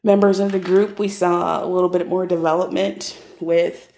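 A woman's voice: lowish voice, flat delivery, normal speed, mellow, echoey room. A woman from Ohio, co-hosting a podcast in a casual, teasing manner. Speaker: podcast co-host. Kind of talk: casual chat.

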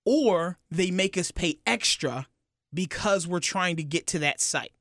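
A young man co-hosting a podcast, talking casually and explaining things haltingly, with many restarts. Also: sits high, fairly bright tone, dry recording, studio quality. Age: young adult. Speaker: podcast co-host. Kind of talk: casual chat. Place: radio building studio.

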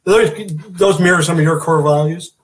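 A man interviewing a guest, asking halting questions full of fillers and restarts. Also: fairly high pitch, steady tone. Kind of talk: casual interview talk.

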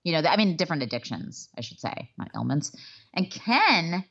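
A woman's voice: sits low, big pitch swings, a little fast, fairly bright tone, husky, dull audio. A woman co-hosting a podcast in casual, chatty talk, rambling and correcting herself. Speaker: podcast co-host. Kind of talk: casual chat.

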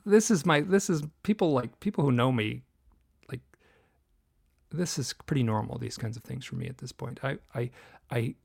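Gravelly-voiced man telling a personal story. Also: medium pitch, a little mellow. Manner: earnest, halting, many restarts and fillers. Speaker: guest author and researcher. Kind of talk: casual interview storytelling.

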